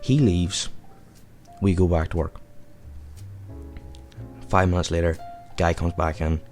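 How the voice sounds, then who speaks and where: A man's voice: deep voice, little pitch movement, slow, a little mellow, soft background music. A young man hosting a podcast, telling a rambling, profane anecdote in a casual way. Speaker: podcast host. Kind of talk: casual storytelling.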